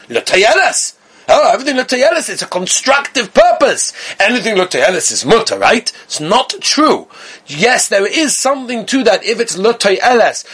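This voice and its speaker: A man's voice: on the high side, pushed and bright, slightly rough. A man giving a Torah lecture as a rabbi, emphatic and repeating key words.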